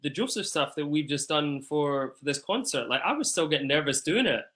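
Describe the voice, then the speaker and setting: Speaking with a fairly high, somewhat bright and animated voice, a man who performs in musicals talks as an interview guest. The conversation is casual, and he comes across earnest and eager, speaking in quick bursts.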